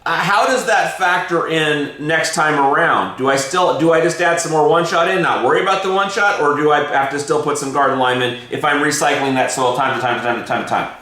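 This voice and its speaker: A man's voice: a little high, fairly quick, few pauses, pushed and bright. A man hosting a casual gardening show, chatty and joking, asking his guest follow-up questions. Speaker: show host. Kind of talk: casual podcast chat. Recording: echoey room.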